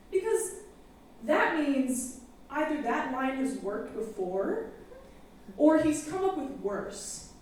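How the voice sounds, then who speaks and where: A woman's voice: high-pitched, a little mellow. A young woman from Texas doing a candid, self-deprecating stand-up set on a campus stage, with lots of fillers. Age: young adult. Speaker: student stand-up comedian. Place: campus theater stage with live audience. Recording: very echoey theater, distant, faint hiss.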